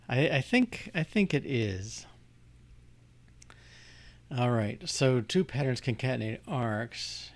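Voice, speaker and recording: A man's voice: mid-range voice, lively intonation, takes it slowly, pauses often. A man working through code on screen, thinking aloud with frequent restarts and fillers. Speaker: programmer demonstrating code. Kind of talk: casual live coding walkthrough.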